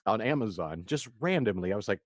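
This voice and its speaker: Low-voiced man, podcast co-host. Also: animated, quick pace, no echo. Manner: rambling, laughs often between remarks. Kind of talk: casual movie-review podcast chat. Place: his own room, recording remotely.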